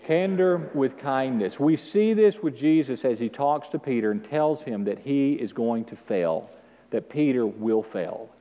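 Male pastor, animated sermon, call-and-response, swinging pitch, dull recording. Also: measured pace. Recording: dull sound with long hall reverb.

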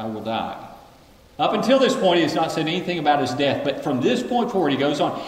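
A man preaching a sermon to a congregation, animated, acting out the people of the story. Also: a little high, roomy sound, in a large hall, distant mic, poor audio. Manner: animated, acts out voices of the story characters. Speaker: pastor.

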